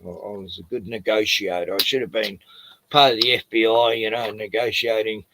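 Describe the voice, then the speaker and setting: A man's voice: lowish voice, steady tone, brisk, background noise. A middle-aged Australian man on a stream, telling rambling, profane anecdotes in casual chat.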